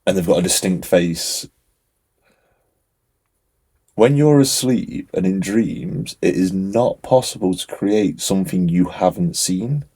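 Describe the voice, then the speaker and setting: A young man co-hosting a podcast, telling stories in an animated, casual way with lots of fillers. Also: low voice, measured pace, few pauses, breathy edge. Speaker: podcast co-host. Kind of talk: casual chat.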